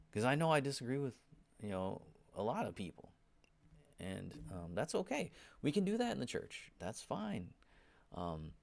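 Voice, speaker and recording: A man's voice: fairly low pitch, vocal fry, a little mellow. A man giving an informal Bible teaching, often checking in with "right?" and "you know", and turning emphatic when he urges his listeners. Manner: grows emphatic when exhorting.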